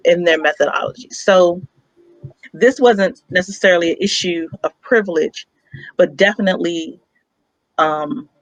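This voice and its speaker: A woman's voice: on the low side, no echo, low-quality recording. Blunt, emphatic young woman co-host. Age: young adult. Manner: blunt, heartfelt, profane, emphatic. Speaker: radio show co-host. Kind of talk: candid storytelling on a talk show.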